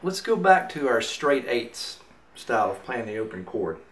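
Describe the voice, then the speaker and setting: A man's voice: mid-range voice, big pitch swings, normal speed, fairly bright tone. A man teaching mandolin rhythm, talking in an easy way while he demonstrates and counts beats aloud. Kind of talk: instructional demonstration. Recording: roomy, off-mic with mandolin playing. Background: mandolin music.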